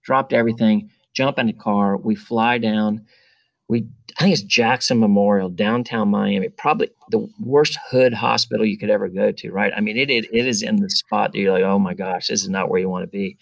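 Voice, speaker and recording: A middle-aged man, a podcast guest, telling a story in a casual, animated way and acting out the dialogue. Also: on the low side, normal speed, creaky, no room sound. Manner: animated, acts out quoted dialogue.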